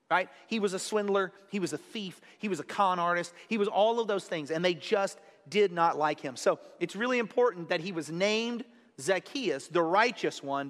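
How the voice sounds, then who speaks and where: A man with a high voice preaches a sermon as a pastor. He explains in a relaxed, conversational way and repeats key lines to drive them home. His voice rings with the long reverb of a large hall. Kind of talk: expository sermon.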